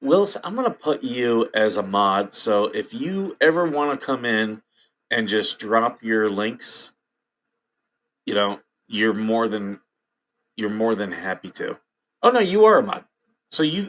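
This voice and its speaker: A man's voice: medium pitch, a bit bright. A man hosting a casual livestream, chatting with viewers, reading headlines aloud and reacting with frequent laughs. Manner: chatty, laughs often, reacts to chat and news. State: hiccups. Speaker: livestream host.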